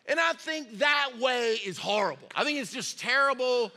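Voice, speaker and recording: A man's voice: very high-pitched, expressive, moderate pace, bright, forceful tone. A male pastor preaching a folksy, conversational sermon with a lot of repetition and storytelling.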